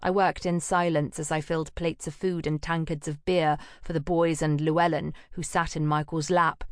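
A woman narrating a first-person fantasy audiobook in an even, measured, subdued manner. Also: deep voice, no echo, studio quality.

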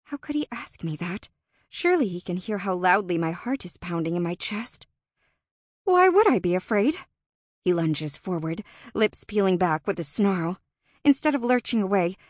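Expressive woman reading a fantasy audiobook. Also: medium pitch, no room sound, studio quality. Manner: expressive, tense and dramatic. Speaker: audiobook narrator. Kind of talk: first-person fantasy audiobook narration.

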